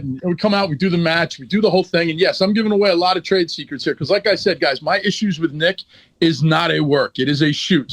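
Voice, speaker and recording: A man's voice: high voice, dry recording. A man who is a wrestler guest, telling a story in a blunt, profane, heated way in a casual interview.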